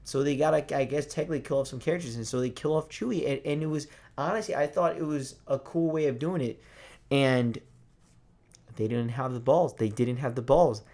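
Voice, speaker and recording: A young man giving a casual movie review, excited and profane, rambling with lots of restarts. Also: mid-range voice, a little fast.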